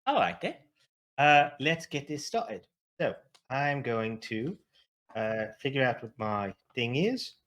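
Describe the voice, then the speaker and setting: A man's voice: medium pitch, lively intonation, slow, a bit bright. A man playing a duet tabletop game, talking with a lot of hesitant fillers and a playful tone. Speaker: player.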